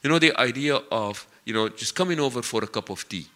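The preacher has a medium-pitched voice and a quick pace. His sermon unfolds through vivid storytelling, with emphatic stretched-out words and scattered Arabic religious phrases.

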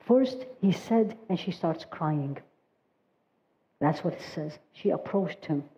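A woman giving a religious talk, telling stories with feeling and reciting Arabic verses quickly. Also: deep voice, dull audio. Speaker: religious teacher. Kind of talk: sermon storytelling.

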